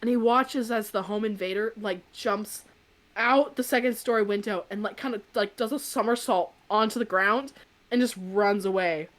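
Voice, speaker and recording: A young adult woman co-hosting a podcast, telling a story in a chatty, animated way full of "like". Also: medium pitch, normal speed. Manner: chatty, peppered with "like", animated retelling. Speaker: podcast co-host. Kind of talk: casual anecdote on a podcast.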